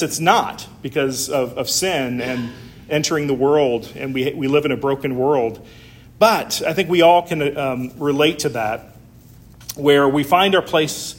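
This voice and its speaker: A man's voice: fairly high pitch, fairly bright tone. A man preaching a sermon in a conversational way, with frequent fillers and an occasional light laugh. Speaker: pastor.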